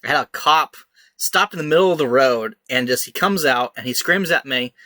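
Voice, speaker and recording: Bright-voiced young man telling a story. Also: medium pitch, normal speed, no room sound. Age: young adult. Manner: animated storyteller, acts out shouted quotes. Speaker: podcast host. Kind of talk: casual chat, storytelling.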